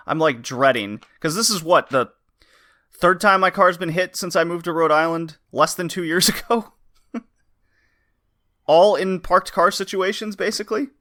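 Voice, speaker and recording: Bright-voiced man telling a story. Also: high voice, normal speed. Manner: animated, laughs often while telling stories; swears casually. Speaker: podcast co-host. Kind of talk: casual storytelling chat.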